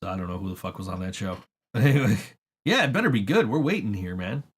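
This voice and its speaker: A man with a lowish, husky voice talks fast with big pitch swings. He hosts a podcast, chatting casually and rambling through stories, swearing often and laughing a lot.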